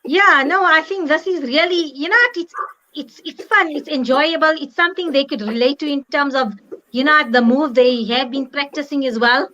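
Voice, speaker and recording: A woman's voice: high-pitched, normal speed, pushed and bright, muffled recording, slight background noise. A woman host chatting casually about a workout, talking with lots of fillers. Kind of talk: casual chat.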